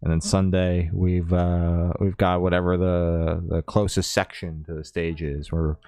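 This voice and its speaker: Deep-voiced man, sarcastic podcast host. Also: little pitch movement, measured pace, dark tone, smooth, no room sound, clean studio sound. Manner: hesitant, filler-heavy, sarcastic. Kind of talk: casual chat.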